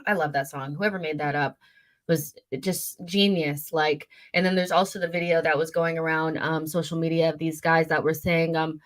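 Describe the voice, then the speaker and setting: Using a studio mic at a desk, a young woman hosts a casual fan livestream in a low, level voice at normal speed. She rambles chattily as she reads viewer comments, leaning on lots of fillers and correcting herself often.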